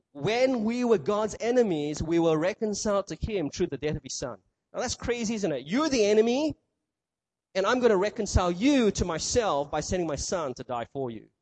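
A man preaching a sermon, animated and full of rhetorical questions, acting out quoted voices. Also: sits high, husky. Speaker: pastor.

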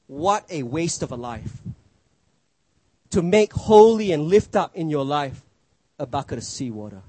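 A middle-aged man delivers a sermon in a high voice with a husky edge. He preaches emphatically, pushing phrases up and then dropping them low for effect. The sound is dry, with no room echo. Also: animated, measured pace, a little mellow. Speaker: pastor.

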